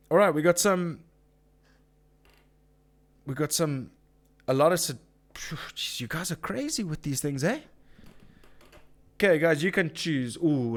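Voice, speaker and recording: A man hosting a casual live chat, ranting with swearing and reading out viewer comments. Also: a little high. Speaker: live-stream host.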